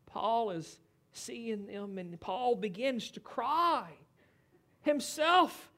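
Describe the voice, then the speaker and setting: A man preaching a sermon, swinging from loud dramatic pleading to hushed, low lines. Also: lively intonation, slow pace.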